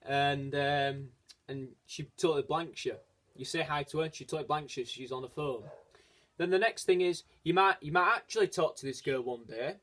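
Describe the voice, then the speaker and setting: This vlogger talks casually about personal matters, sounding earnest and encouraging while he rambles, hesitates, and keeps starting over. He has a voice on the high side, fairly bright in tone, delivered at a moderate pace.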